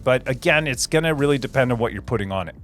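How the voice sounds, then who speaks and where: A man's voice: mid-range voice, lively intonation, fast, a bit bright, faint music behind. A man hosting a casual livestream, chatting with viewers and rambling through answers with many fillers and repeated phrases. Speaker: livestream host.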